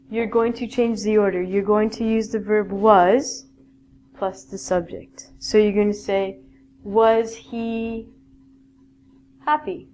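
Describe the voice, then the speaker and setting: A woman teaching a basic English grammar lesson in a classroom style, explaining slowly and checking in often with "okay?". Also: mid-range voice, a little mellow, slight background noise. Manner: slow, clear teaching with many "okay?" checks.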